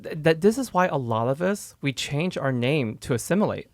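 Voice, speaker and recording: A man's voice: on the high side, very animated, a little fast, a little mellow, no echo, studio quality. A man hosting a candid group conversation, speaking earnestly and emphatically, often repeating words as he starts a thought. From United States. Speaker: host.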